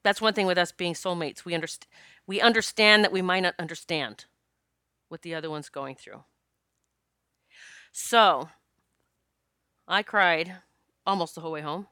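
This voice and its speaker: Woman, casual monologue, laughs often, smooth clear voice, dry room. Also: fairly low pitch, measured pace, pauses often, bright, forceful tone, no room sound. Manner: candid, laughs often, swears freely.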